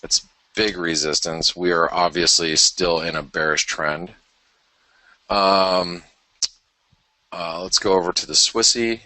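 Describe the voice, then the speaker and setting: A man's voice: deep voice, steady tone, takes it slowly, pauses often, bright, forceful tone, no echo. A man hosting a live market show, casually talking through charts as he thinks aloud, with self-deprecating asides. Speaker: forex market commentator, show host.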